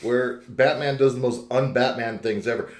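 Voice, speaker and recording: A man's voice: mid-range voice, fairly even intonation, moderate pace. A man co-hosting a podcast in casual chat, joking, laughing often and putting on mock outrage. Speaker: podcast co-host. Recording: roomy echo.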